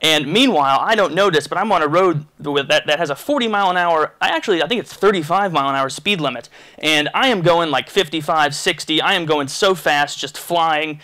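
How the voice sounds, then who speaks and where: A man telling a crude, rambling story in a casual vlog, animated and full of restarts. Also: a little high, a little fast. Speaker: vlogger.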